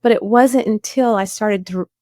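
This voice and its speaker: A woman's voice: mid-range voice, normal speed, mellow, no room sound, clean studio sound. A woman, telling her own story earnestly as a guest in a faith interview. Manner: earnest storyteller, voice rising when moved. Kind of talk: personal testimony in a faith interview.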